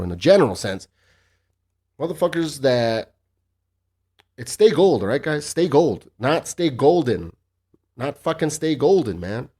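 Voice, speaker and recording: A man's voice: on the low side, a little mellow. A man in his thirties hosting a solo podcast, swearing freely and ranting in a cocky, casual way. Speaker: podcast host.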